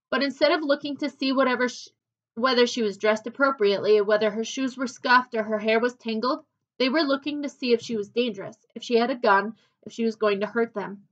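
A woman reading a children's novel aloud with expressive, unhurried narration. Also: on the high side. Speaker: storybook reader. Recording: dull lo-fi recording.

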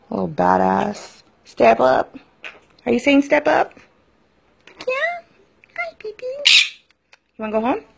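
A woman's voice: on the high side, vocal fry, slightly rough. A woman filming her pet parrots at home, talking to them in sing-song baby talk. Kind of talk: casual talk to pet birds. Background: squawking parrots.

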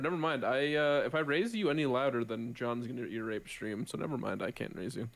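A man's voice: mid-range voice, brisk. A man chatting in a co-op game, rambling and swearing. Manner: profane, rambling commentary. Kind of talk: casual gaming chat. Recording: noisy mic with game sounds. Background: loud game noise.

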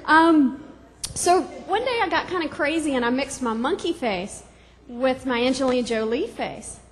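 A woman's voice: high voice, expressive, moderate pace, in a large hall. A woman from Georgia doing stand-up comedy on a club stage, bubbly and giggly, chatty with the crowd.

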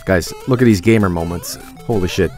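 A man streaming a game, commenting with sudden yelps, shouts and swearing. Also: low voice, a little fast, faint music behind. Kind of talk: live gameplay commentary.

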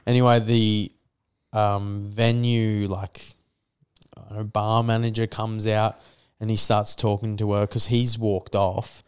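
A man's voice: lowish voice, flat delivery, unhurried, clean tone. A man with an Australian accent, a podcast host telling a crude, profane story in casual chat and acting out the quotes.

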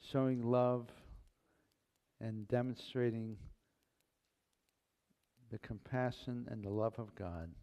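Slow-speaking male pastor preaching. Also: medium pitch, steady tone, mellow. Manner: folksy, playful, unhurried preaching. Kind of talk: sermon and closing prayer. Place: church sanctuary.

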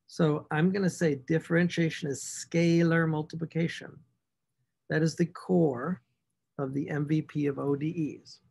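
A fairly high-pitched, creaky, breathy-edged male voice delivers a recorded math lecture at a measured pace. The instructor talks to himself while writing equations, animatedly stressing the key words.

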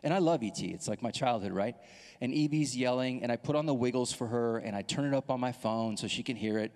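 A male pastor in his thirties speaks fast with a medium-pitched voice, telling a personal story during a sermon. He animates it by acting out the voices in the dialogue, and the church hall gives the recording a long reverb.

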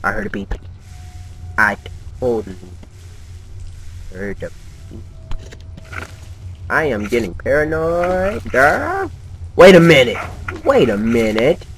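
A man's voice: mid-range voice, lively intonation, takes it slowly, long pauses, a bit bright. A man giving nervous, jumpy let's-play commentary while talking to himself. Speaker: gamer. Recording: noisy home game recording.

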